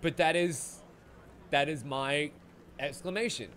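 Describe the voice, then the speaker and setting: A man commentating a live game stream, excitable and gushing, with frequent swearing. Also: a little high, slow, slight background noise. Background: game music.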